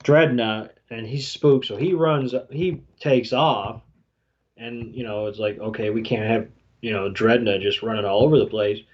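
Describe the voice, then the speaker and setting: A man co-hosting a podcast, recapping a scene in a halting way with many fillers. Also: fairly low pitch, fairly even intonation. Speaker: podcast co-host. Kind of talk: casual recap commentary. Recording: dull lo-fi podcast audio.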